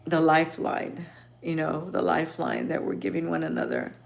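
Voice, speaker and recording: A middle-aged woman from Texas hosting a livestream, talking emotionally and haltingly to her viewers with many restarts. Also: sits low, lively intonation, gravelly. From Texas, Rio Grande Valley. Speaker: livestream host. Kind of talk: casual chat with viewers.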